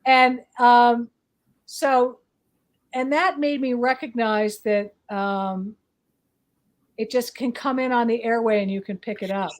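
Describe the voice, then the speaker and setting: A psychic guest from the northeastern US chats casually at a slow pace in a steady, slightly high voice. She tends to ramble and hesitate, filling gaps with many fillers.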